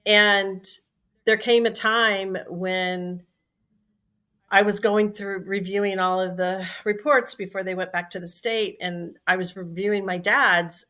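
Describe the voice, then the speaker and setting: A woman in her sixties, a company CEO, telling a lively story in conversation and acting out the quoted dialogue. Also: medium pitch.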